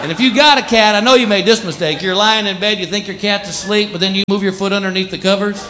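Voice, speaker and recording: A man's voice: high-pitched, quick pace. A man performing a stand-up comedy set on stage, telling stories with playful put-on pet voices. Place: comedy stage before a laughing audience. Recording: live stage recording with crowd and noise.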